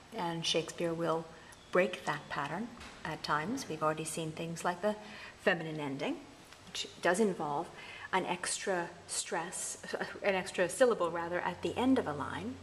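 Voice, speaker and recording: A woman's voice: on the low side, normal speed, a bit bright, slight background noise. A woman teaching a university English lesson, explaining verse rhythm and chanting stress patterns aloud. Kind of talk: recorded lecture.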